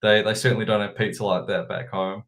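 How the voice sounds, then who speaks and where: A man's voice: fairly low pitch, quick pace. A man with a New Zealand accent, a guest talking casually about markets and crypto, with frequent repeated words. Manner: relaxed, repeats words when thinking. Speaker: guest analyst.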